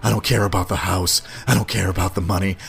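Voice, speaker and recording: Man doing a curt, brooding rich young man, low and quiet. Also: steady tone, fast, vocal fry, slightly rough, heavily acted. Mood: dismissive.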